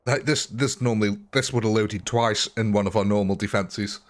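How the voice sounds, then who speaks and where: A man with a fairly low voice talks through a game as he streams it live. His delivery is casual and rambling, with little asides and frequent chuckles. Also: steady tone, normal speed. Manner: chatty, laughs often, thinks aloud while playing. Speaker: gaming livestreamer.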